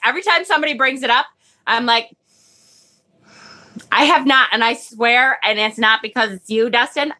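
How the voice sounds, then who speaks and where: A slightly high woman's voice with a sharp edge. She runs a tarot livestream, chatting loosely and reading viewers' comments, scattered and prone to tangents, swearing casually when things annoy her.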